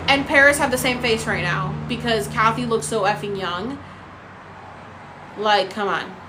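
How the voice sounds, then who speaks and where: A woman hosting a casual livestream chat, ranting in an animated, profane, incredulous way. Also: sits high, echoey room, slight background noise. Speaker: TikTok live host. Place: apartment in a city.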